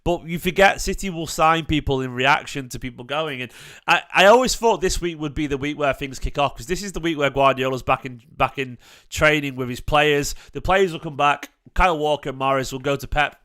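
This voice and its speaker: A man's voice: on the high side, a little fast, bright, forceful tone, clear, resonant tone. A man hosting a fan channel, chatting casually and opinionatedly about football transfers, rambling with fillers and restarts. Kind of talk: casual livestream football chat.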